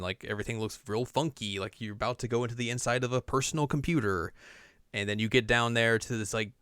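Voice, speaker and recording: A man's voice: fairly low pitch, a bit bright, smooth, no echo, clean studio sound. A man co-hosting a podcast, casually recapping a game story in a rambling way with lots of "like" and laughs. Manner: rambling, full of "like" and laughs, acts out characters. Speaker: podcast co-host.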